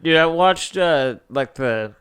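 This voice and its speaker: A young man co-hosting a casual podcast chat, animated and swearing freely as he retells movie scenes. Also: fairly high pitch, slow, clean tone. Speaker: podcast co-host.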